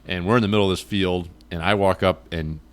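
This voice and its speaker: A man hosting a podcast, telling a story in an animated, rambling way with lots of restarts. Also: sits low, brisk. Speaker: podcast host. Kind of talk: casual storytelling chat.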